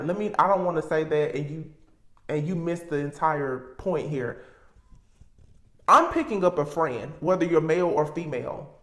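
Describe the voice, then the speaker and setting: A woman giving a casual tarot reading, talking emphatically and repeating herself as she thinks aloud. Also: fairly low pitch. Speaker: tarot reader. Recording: roomy echo.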